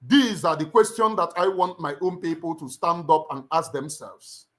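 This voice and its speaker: A middle-aged man with a Nigerian accent addresses his livestream viewers in a fervent, sermon-like style. He repeats phrases for emphasis and presses each point home. His speaking voice sits somewhat high for a man. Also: moderate pace. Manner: emphatic, repeats lines like a preacher. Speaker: livestream host.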